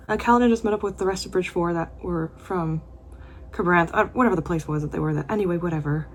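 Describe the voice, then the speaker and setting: A woman's voice: lowish voice, a little hiss or hum. A young woman vlogging her reactions while reading, talking in an emotional, gushing and exclamatory way. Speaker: book vlogger. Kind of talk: reading vlog commentary.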